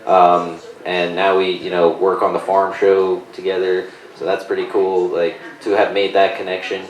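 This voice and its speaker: Low-voiced man, halting, off mic. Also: level tone, far from the mic, slight background noise. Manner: halting, many fillers. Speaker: guest. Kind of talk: casual live podcast chat. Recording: echoey room, off mic.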